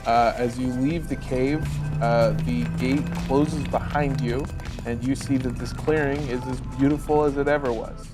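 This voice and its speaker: A man narrating as game master of a comedy tabletop role-play, relaxed and filling his pauses with "uh". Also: medium pitch, loud music behind the voice. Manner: relaxed, many "uh" fillers.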